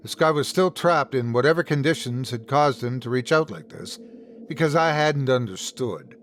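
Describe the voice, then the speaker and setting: A man narrating a first-person horror story in an expressive, dramatic storytelling manner. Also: mid-range voice, moderate pace, slight background noise.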